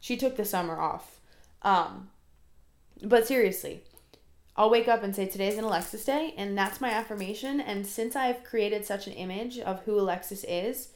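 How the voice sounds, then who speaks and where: A woman's voice: medium pitch, moderate pace, reverberant. A 22-year-old woman hosting her own podcast, talking alone in a rambling, chatty, self-deprecating way. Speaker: podcast host. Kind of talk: casual solo podcast monologue.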